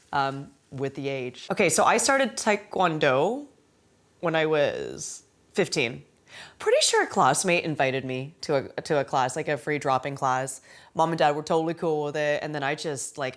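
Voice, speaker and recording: A woman in her forties talking candidly in an interview, emotional and laughing often, with many "like"s and "right?"s. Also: low-pitched. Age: 40s. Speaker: amateur Muay Thai fighter.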